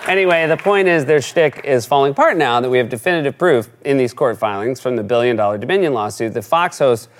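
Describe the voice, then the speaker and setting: A man's voice: mid-range voice, lively intonation, fast, few pauses. A man hosting a late-night comedy show, giving a scripted monologue in a wry, sarcastic way.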